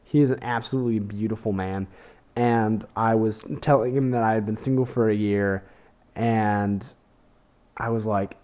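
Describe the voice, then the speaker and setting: A man's voice: lowish voice, fairly even intonation, moderate pace, warm tone. A young man, hosting a podcast, telling rambling, self-deprecating comedy stories full of fillers and swearing. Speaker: podcast host. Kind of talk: casual comedic monologue.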